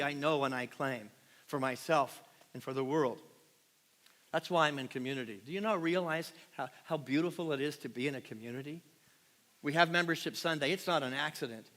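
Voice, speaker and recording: A man preaching a passionate sermon to his congregation, swinging from loud emphatic peaks to quiet, hushed lines and often asking the room questions. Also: fairly high pitch. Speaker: pastor. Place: large church sanctuary. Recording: long hall reverb.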